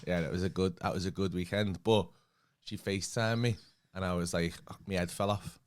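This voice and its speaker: A man's voice: deep voice, fairly even intonation, fairly quick. A man co-hosting a casual comedy podcast, trading sweary jokes and banter. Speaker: podcast co-host. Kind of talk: casual chat.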